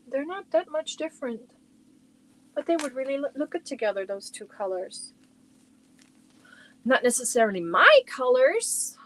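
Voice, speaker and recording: A woman's voice: fairly high pitch, fairly bright tone, a little hiss or hum, low-quality recording. A woman hosting a casual crochet livestream from home, chatting and reacting to viewer comments as she shows yarn. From Germany.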